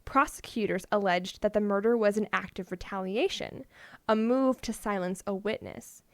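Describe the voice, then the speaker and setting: Speaking at a normal pace in a mid-range voice, a woman co-hosts a podcast and tells strange stories in a casual, playful manner, laughing often. The audio is dry.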